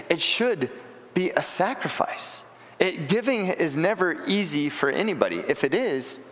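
A man's voice: on the high side, fairly bright tone, in a large hall. A man preaching a sermon, earnest and plain-spoken, often restarting his words. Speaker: pastor.

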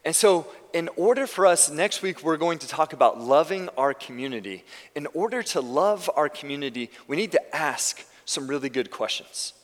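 A man's voice: a little high, animated, moderate pace, in a large hall. A male pastor giving a conversational sermon in a church, often restarting his sentences. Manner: conversational preaching with frequent restarts. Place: church sanctuary.

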